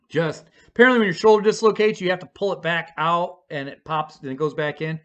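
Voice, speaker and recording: A man's voice: on the high side, fairly even intonation, brisk, hardly any pauses. A man casually telling a story, rambling and swearing freely with lots of fillers. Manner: rambling and profane, with many fillers. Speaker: storyteller vlogger.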